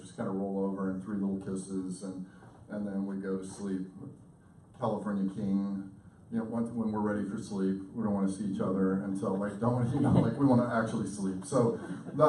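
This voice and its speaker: A man in his fifties, a communication professor, lecturing with lively, intense storytelling and acted-out quotes. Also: on the low side, a little hiss or hum. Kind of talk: lecture to an audience. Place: lecture hall. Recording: echoey hall recorded from far off.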